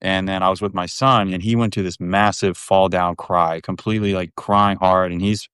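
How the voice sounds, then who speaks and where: A man's voice: sits low, little pitch movement, normal speed, a bit bright, clean tone, dry recording, studio quality. A man in his thirties talking candidly as a podcast guest, frank and rambling, with plenty of swearing. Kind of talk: candid casual conversation.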